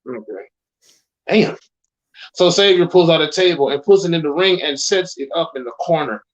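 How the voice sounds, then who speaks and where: A man's voice: on the high side, moderate pace, muffled recording. A man co-hosting an online show, reading a scripted wrestling storyline aloud, sometimes tripping over words and adding his own reactions. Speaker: co-host.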